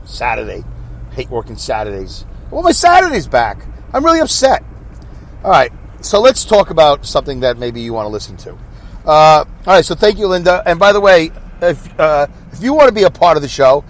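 A man hosting his own podcast in a chatty, rambling, wry monologue, talking on the road as motorcycles pass. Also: mid-range voice. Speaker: podcast host. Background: passing traffic.

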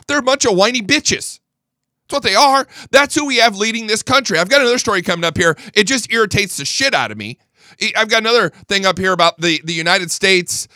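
A combative male talk host rants with a high, swinging voice that jumps all over. His tone is bright and edgy, and he swears freely and stumbles over repeated words when heated. The sound is close and dry. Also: dry recording. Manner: angry, combative, swears a lot. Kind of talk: political talk show rant.

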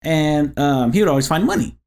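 A man co-hosting a casual podcast, telling a crude, lively family story full of swearing. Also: a little high, a little fast. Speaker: podcast co-host.

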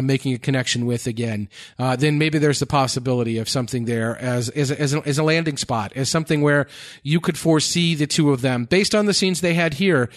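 A man co-hosting a TV discussion podcast who talks his analysis through at a steady, thoughtful pace. He leans on frequent "uh" pauses as he thinks aloud. His voice is recorded dry, with no room sound, and sits at a medium pitch. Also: no echo. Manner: thoughtful, many filler "uh"s. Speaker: podcast co-host. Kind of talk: casual chat analyzing TV episodes.

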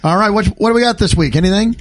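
A man co-hosting a podcast in casual chat, hoarse from losing his voice, easygoing and telling stories with frequent laughs. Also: high voice, rapid-fire. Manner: easygoing, storytelling, laughs often. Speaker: podcast co-host.

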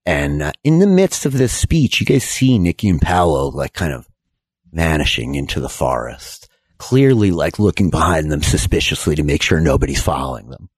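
A man narrating as game master of a tabletop role-playing game, telling the story in a relaxed way full of fillers. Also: very deep voice, moderate pace, slightly rough, dry recording, clean studio sound.

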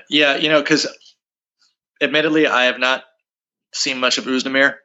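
A man's voice: mid-range voice, steady tone, moderate pace, sharp tone. A man who works as a ring announcer, a guest chatting in a joking, easygoing way over a video call. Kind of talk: casual chat. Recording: dull lo-fi call audio.

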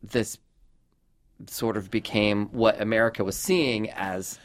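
A man's voice: on the low side, fairly even intonation, slow. A man from Southern California hosting a podcast, chatty and self-deprecating, saying "like" a lot. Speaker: podcast host. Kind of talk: casual podcast chat.

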